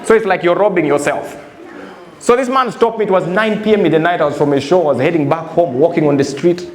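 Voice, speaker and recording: A man's voice: a little high, fast talker, a little mellow. A man with a Ugandan accent performing live stand-up comedy, telling stories full of quoted voices and repeated "I said". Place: live comedy venue with a laughing audience. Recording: roomy live hall with crowd noise.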